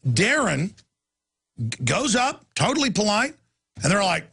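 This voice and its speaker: A man hosting a talk show launches into a heated, emphatic rant. His voice is gravelly and raspy, with a tense, sharp edge. It sits a little higher than most men's. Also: big pitch swings, unhurried. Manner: angry, ranting, heated and emphatic. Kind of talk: impassioned talk radio rant.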